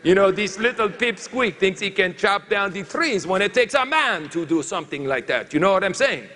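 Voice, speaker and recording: A man playing a boastful French lumberjack who tells a comic tale in halting, broken English with a put-on French accent, in a reverberant hall. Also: sits high, animated, pushed and bright. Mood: storytelling.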